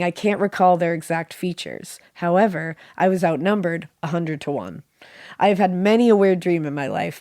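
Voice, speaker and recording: A woman with a sick voice reading a listener's dream story aloud as a podcast co-host, animated and joking. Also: lowish voice, no echo, clean studio sound. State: sick, voice a little off.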